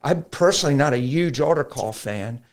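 A middle-aged man, a pastor, talking about faith in a lively conversational preaching style, acting out quotes as he tells stories. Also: medium pitch, moderate pace. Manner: animated storytelling, acts out quotes. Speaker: pastor guest.

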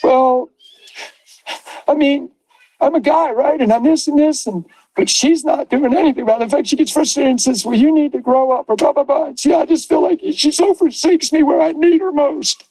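A man's voice: extremely high pitch, moderate pace, mellow, no room sound, pitched above the performer's own voice, rough recording. A man doing a whiny self-pitying husband. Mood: complaining. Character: whiny needy husband complaining about his wife.

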